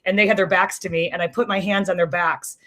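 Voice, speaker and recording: Animated storytelling woman from the Chicago area. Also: on the low side, quick pace. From small town outside Chicago. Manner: animated, acts out quoted voices, self-described jokester. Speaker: interview guest. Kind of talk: storytelling in casual chat.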